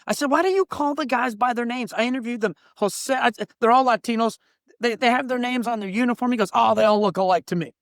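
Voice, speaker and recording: A man's voice: extremely high pitch, quick pace, fairly bright tone, dry recording, clean studio sound. A middle-aged man, a workplace coach, telling blunt stories in a podcast interview and acting out the people he quotes. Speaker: diversity trainer and workplace coach. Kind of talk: animated storytelling in a podcast interview.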